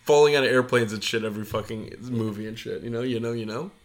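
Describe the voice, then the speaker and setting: A man's voice: mid-range voice, fast talker. Unwell man rambling on a podcast. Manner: rambling, profane, laughs often. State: unwell, voice giving out. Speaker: podcast co-host. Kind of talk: casual podcast chat.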